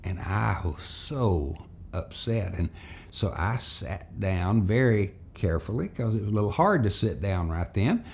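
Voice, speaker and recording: A man telling a childhood story as a moral lesson for children and parents, in an animated, folksy way. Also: on the low side, unhurried, creaky, a little hiss or hum.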